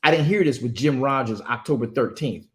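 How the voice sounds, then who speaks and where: A man's voice: mid-range voice, lively intonation, brisk. A man from a ministry giving impassioned commentary, emphatic and repetitive, often stammering as he restarts phrases. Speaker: ministry speaker.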